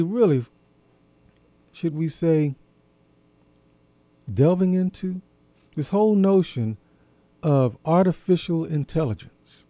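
A man with a fairly high but very dark, mellow voice, talking in a slow, folksy monologue. He stops to pose questions straight to his listeners. The sound is dry and close. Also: no room sound. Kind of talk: reflective monologue.

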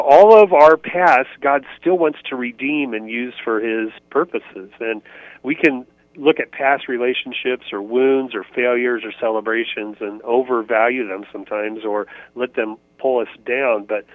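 A man's voice: medium pitch, normal speed, no room sound. A man from Indiana, a ministry author and interview guest, talking earnestly and reflectively with many fillers and restarts. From United States, Indiana. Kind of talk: conversational interview answers. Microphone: phone line. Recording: tinny phone line, dry.

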